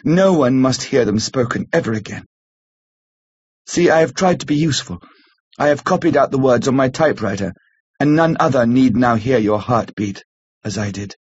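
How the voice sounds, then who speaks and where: A man voicing an earnest young woman who pleads gravely, read gently in a husky voice. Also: medium pitch, normal speed, lightly acted. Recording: slightly muffled lo-fi recording.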